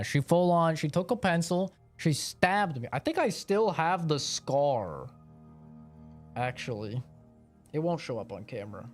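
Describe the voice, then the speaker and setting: A young man streaming a game, casually telling a childhood story, laid-back and swearing freely with bursts of laughter. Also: fairly high pitch. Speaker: gaming streamer.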